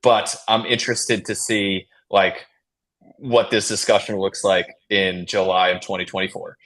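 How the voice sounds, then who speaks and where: Low-voiced realtor co-host. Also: male voice, measured pace. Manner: emphatic, relaxed slang. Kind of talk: casual panel talk.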